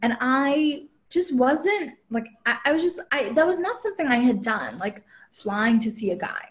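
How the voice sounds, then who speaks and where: A woman with a somewhat high voice tells a personal story as a guest on a chat show. She talks casually, packing her sentences with "like" and acting out little quoted lines from other people. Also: moderate pace. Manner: chatty, heavy use of "like" fillers; quotes herself and others in lively asides. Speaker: podcast guest, relationship coach.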